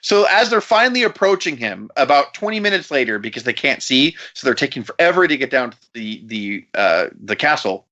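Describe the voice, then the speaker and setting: A man's voice: medium pitch, sing-song, fairly quick, few pauses, sharp tone, dull audio. A man co-hosting a podcast, retelling a story in a casual, profane, laughing way. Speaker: podcast co-host.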